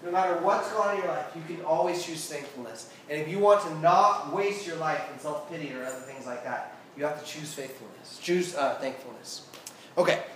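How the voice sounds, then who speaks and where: Youth preacher, male, high voice, chatty and interactive, recorded from afar in a very echoey room. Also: brisk, background noise. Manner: constantly checks in with the listeners. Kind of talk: casual interactive sermon. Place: air-conditioned room with a group. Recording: very echoey room, mic far off.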